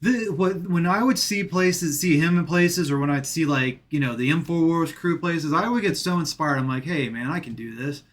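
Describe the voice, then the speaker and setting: A man's voice: a little high, normal speed, hardly any pauses. A man chatting casually as a guest, joking and swearing freely. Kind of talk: casual chat.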